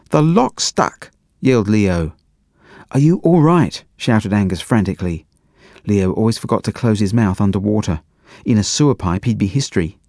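A man narrating a children's audiobook in an expressive, playful way. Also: fairly low pitch, no echo, clean studio sound. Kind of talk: storybook narration.

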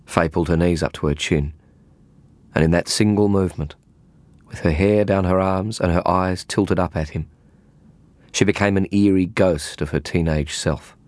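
Aussie guy reading a novel aloud, really low voice, dry close mic. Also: steady tone, normal speed, darkish tone, no room sound. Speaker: audiobook narrator. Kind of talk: scripted narration.

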